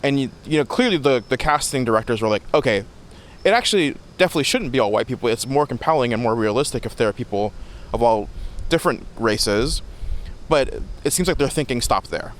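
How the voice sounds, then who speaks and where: A man guesting on a podcast, reviewing a film in lively, expressive casual chat with frequent laughs. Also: mid-range voice, a little fast.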